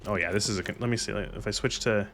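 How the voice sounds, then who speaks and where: A man's voice: lowish voice, fast talker, fairly bright tone, a little hiss or hum. A man streaming a video game and chatting casually, joking and poking fun at himself. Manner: joking, self-mocking, laughs a lot. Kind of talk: casual gaming stream chat.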